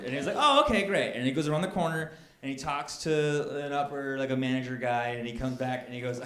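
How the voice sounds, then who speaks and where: A male stand-up comedian telling a story, acting out the people in it and getting loud and exasperated. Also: medium pitch, fast talker, slight background noise. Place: comedy club stage. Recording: echoey club with crowd laughter. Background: audience laughing.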